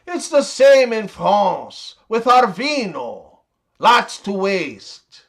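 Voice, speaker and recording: A man's voice: sits high, very animated, drawn-out words, fairly bright tone, full character voice. A man voicing a smug male wine drinker.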